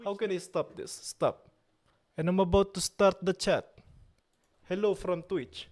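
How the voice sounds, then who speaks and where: Slow-talking playful man streaming live. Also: high voice, fairly even intonation, a little mellow. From Italy. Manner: playful mock outrage, slow drawn-out delivery. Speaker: livestream host. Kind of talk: casual live-stream chat.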